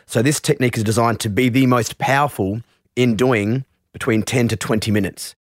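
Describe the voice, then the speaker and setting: A man who teaches meditation, explaining his practice in an interview in a relaxed way, with frequent restarts and asides. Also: medium pitch, moderate pace, no room sound, studio quality.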